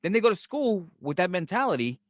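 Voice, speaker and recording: A man's voice: high-pitched, big pitch swings, a little fast, no room sound, clean studio sound. A middle-aged man with a New York accent, co-hosting a podcast, blunt, profane and sarcastic. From Brooklyn, New York. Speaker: podcast co-host. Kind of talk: casual chat.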